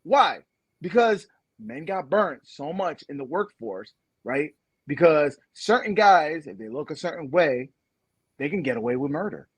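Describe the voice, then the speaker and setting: A man's voice: fairly high pitch, very animated, measured pace, husky, no room sound. A man co-hosting a podcast, ranting in a casual debate and laughing often. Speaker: podcast co-host.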